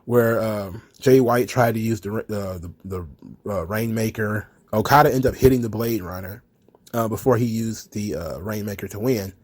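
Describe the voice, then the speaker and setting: A man's voice: on the low side, moderate pace, darkish tone, no echo. A man hosting a casual wrestling commentary show, blunt and profane, rambling with lots of fillers.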